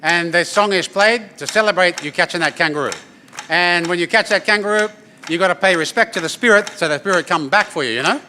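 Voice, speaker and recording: Man, performer, brightish higher voice, playful crowd banter. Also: fairly quick, slight background noise. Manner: lively, joking, addresses the crowd with "yeah?" tags. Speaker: didgeridoo performer. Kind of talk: storytelling performance to an audience. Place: event venue with an audience.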